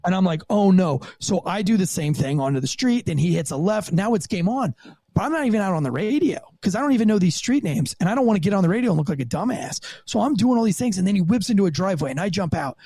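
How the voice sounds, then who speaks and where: A man telling a profane, animated story from his rookie years as a police officer, as a podcast guest. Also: high voice, fast talker, husky, no echo. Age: young adult. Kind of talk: casual storytelling interview.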